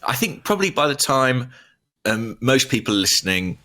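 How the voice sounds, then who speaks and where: A man's voice: medium pitch, normal speed. A man co-hosting a football podcast, telling stories in a playful, conversational way. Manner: lively storyteller, playful voices. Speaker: podcast co-host. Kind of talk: casual football podcast chat.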